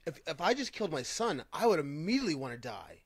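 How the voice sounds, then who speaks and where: Skeptical man with a higher voice. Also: big pitch swings, fast, husky, no room sound. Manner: questioning, skeptical, thinks aloud. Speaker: podcast co-host and former wrestler. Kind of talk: casual group discussion.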